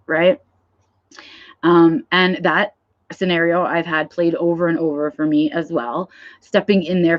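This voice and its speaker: Frank woman vlogging on dull lo-fi audio. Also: lowish voice. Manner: frank, swears, keeps asking "right?". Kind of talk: candid livestream talk.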